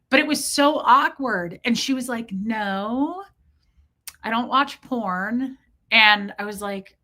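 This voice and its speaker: A middle-aged woman on a casual live stream, telling a rambling, self-mocking story with deadpan jokes and reading out chat. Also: mid-range voice.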